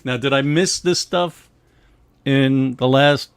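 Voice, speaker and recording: A man's voice: medium pitch, slow, smooth, dry recording. A middle-aged man co-hosting a casual livestream about comic art, rambling with many restarts and laughing often. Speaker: co-host of a comics history show.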